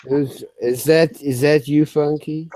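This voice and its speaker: A man's voice: on the high side, fairly even intonation, slow pace, mellow, no echo. A man singing on a livestream who chats casually, swears a lot and stumbles over repeated words. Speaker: livestream singer. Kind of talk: casual chat.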